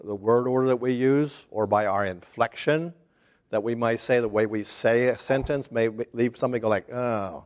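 A man teaching a casual Bible study class, talking haltingly with restarts and putting questions to the group. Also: mid-range voice. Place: church classroom.

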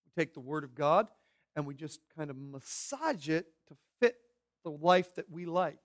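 A man preaching a sermon as pastor, animated and acting out characters' voices as he teaches. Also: on the high side, moderate pace.

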